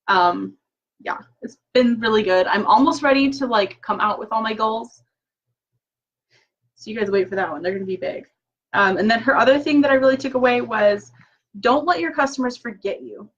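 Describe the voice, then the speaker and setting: A woman's voice: a little high, moderate pace, highs cut off. A woman chatting casually and upbeat through a live-stream recap from her home office, full of fillers and quoted asides. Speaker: direct sales consultant. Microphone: laptop mic.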